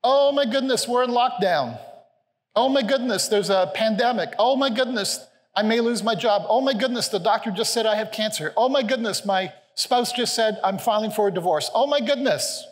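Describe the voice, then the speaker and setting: A man's voice: high-pitched, normal speed, in a large hall, pitched above the performer's own voice, lightly acted. A preacher playing a panicking servant man. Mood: panicked. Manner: repeated anxious wailing. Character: panicking male servant, frantic and fearful.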